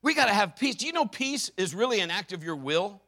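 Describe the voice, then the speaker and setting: A pastor preaching a sermon, fervent and emphatic, with a folksy, conversational way of talking. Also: male voice, sits high, very animated, brisk, bright, forceful tone.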